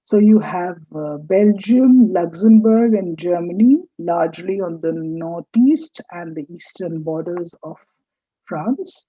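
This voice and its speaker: A woman's voice: on the low side, takes it slowly, husky, dry recording, lo-fi sound. A woman teaching a recorded French lesson, explaining carefully and correcting pronunciation. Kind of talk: recorded online lecture.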